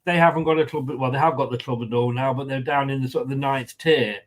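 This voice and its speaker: A man's voice: medium pitch, fairly even intonation, fast talker. A man co-hosting a fan live stream, chatting casually and reading out viewer comments. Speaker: fan channel co-host.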